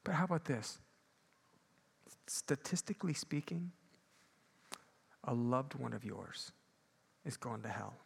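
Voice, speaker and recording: A man preaching a sermon, moving between loud emphatic peaks and quiet low asides. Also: animated, normal speed, creaky, slightly rough. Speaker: pastor.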